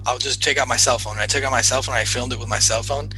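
A man as a podcast guest, telling a story in casual chat, animated and repeating himself as he goes. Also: mid-range voice, fast, over music, poor audio. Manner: animated, repeats himself, acts out his own excited shouts.

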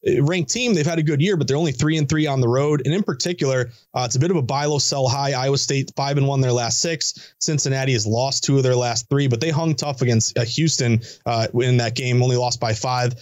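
A man talking as a sports betting guest analyst, energetic and rattling off stats with casual asides. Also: medium pitch, fairly quick, few pauses, no echo, studio quality. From New England. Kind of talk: fast sports betting talk on a call-in line. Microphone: phone or remote line.

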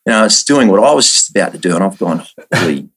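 An Australian man telling a casual story as an interview guest, lively and full of quick restarts. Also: on the low side, a little hiss or hum. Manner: lively yarn-spinner, frequent restarts.

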